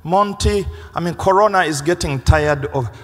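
A man preaching a sermon as pastor, animated, acting out the voices of people he quotes. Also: fairly high pitch, normal speed. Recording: long reverb of a large hall.

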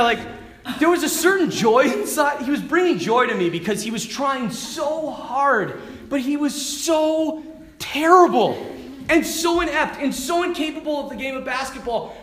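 A male priest gives a sermon full of animated personal stories and frequent laughter. His voice sits high for a man. The room is roomy and echoey, with faint noise behind. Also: normal speed.

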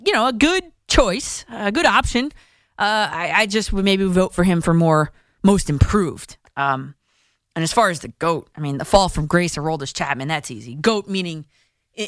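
A woman hosting a call-in sports radio show, giving quick, emphatic opinions with frequent restarts. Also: lowish voice, dry recording, studio quality. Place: radio studio.

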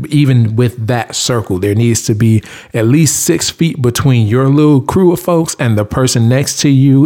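A man's voice: fairly low pitch, mellow. A man giving blunt household and hygiene tips in a casual monologue, preachy and emphatic, repeating himself for stress, in informal Southern US speech.

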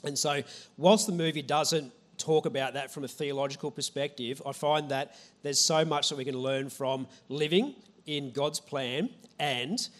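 A man's voice: a little high, a little slow, fairly bright tone. A man giving a casual, conversational sermon in a church, chatting with the audience and poking fun at himself. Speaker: preacher. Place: church hall with a live audience.

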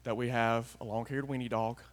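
A man preaching a folksy sermon, swinging from hushed asides to loud, emphatic declarations. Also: medium pitch, little pitch movement, brisk. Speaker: pastor.

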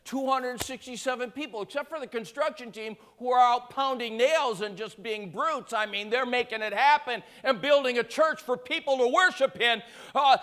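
A man preaching as a pastor, telling a story and swelling into shouts to call for praise from his listeners. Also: very high voice. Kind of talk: sermon.

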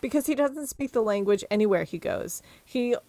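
A woman chatting casually about a novel, lively and quick to laugh. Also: a little high, dry recording. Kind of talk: casual book chat.

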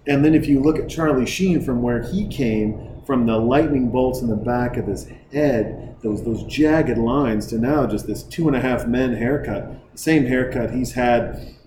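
A man hosting a casual, rambling film commentary with profane, jokey, excitable talk, recorded in a bar. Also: medium pitch, a little slow, noisy background. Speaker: podcast host reviewing a film. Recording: echoey room with loud background ambience.

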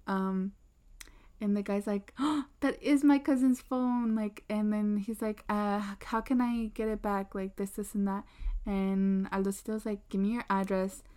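A woman's voice: medium pitch, level tone, a little slow, warm tone. A young woman chatting casually at her desk, telling a rambling story full of fillers and restarts. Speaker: podcast host. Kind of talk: casual chat. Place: indoors at a desk.

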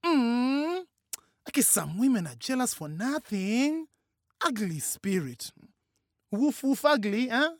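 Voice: mid-range voice, very animated, takes it slowly, no room sound, clean studio sound, voice pushed up. A narrator putting on a sassy teasing woman. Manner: quipping, mocking.

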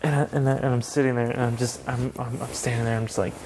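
A man's voice: medium pitch, level tone, quick pace, few pauses, darkish tone, slight background noise. A young man hosting a casual chat podcast, telling a story in a heated, profane way. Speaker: podcast host.

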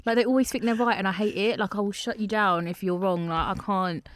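A woman's voice: medium pitch, fairly even intonation, a little fast, a little hiss or hum. A young woman chatting frankly and openly, giggling often. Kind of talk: casual chat.

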